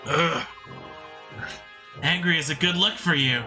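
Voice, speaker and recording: A man's voice: a little high, measured pace, music in the background, lightly acted. A man voicing a cruel, sneering female general from a fantasy game, mocking and contemptuous.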